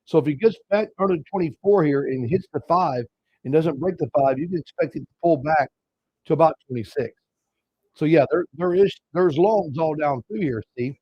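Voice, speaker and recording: A man's voice: on the high side, moderate pace, husky, dry recording, highs cut off. A man hosting a live trading show, casually talking viewers through chart levels. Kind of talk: live market commentary.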